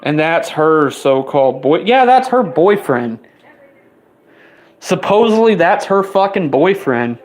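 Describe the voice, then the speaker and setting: A man's voice: fairly high pitch, very animated. Young man ranting with heated profanity. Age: 20s. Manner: heated, rapid-fire swearing, voice spiking up when riled. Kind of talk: angry profane rant to the camera.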